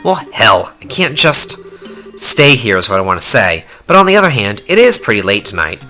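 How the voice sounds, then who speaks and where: A rough young male fighter talks in blunt slang, his delivery rising and falling a lot, as a man reads him aloud. The tone is bright and forward, with a faint bed of game music behind. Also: lowish voice, very animated, normal speed. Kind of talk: fan voice-over reading of game dialogue.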